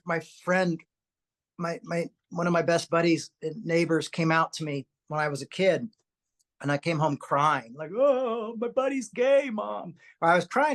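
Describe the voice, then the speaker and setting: Podcast host, lively storyteller, casual and chatty, stumbles and repeats words. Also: mid-range voice. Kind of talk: podcast conversation, personal storytelling.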